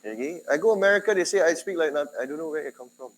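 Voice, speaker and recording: A man with a Singaporean English accent tinged with Malay, giving a university lecture in a conversational way, questioning his students and often jumping in loudness and pitch. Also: fast talker, poor audio. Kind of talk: classroom lecture.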